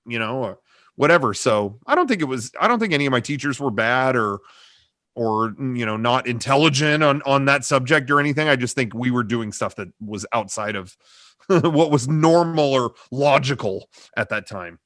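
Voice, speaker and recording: Bright, dry-sounding man rambling casually. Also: medium pitch, animated, moderate pace, dry recording. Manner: rambling, hedging, many "you know" fillers. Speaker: interview guest, comedy video creator. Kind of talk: casual video-call interview. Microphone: desk microphone on a cable.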